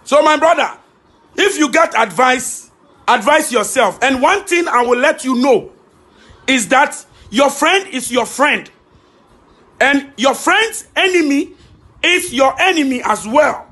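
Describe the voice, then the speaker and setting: A Ghanaian man scolding someone in pidgin, half shouting. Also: extremely high pitch, expressive, measured pace. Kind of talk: scolding video message.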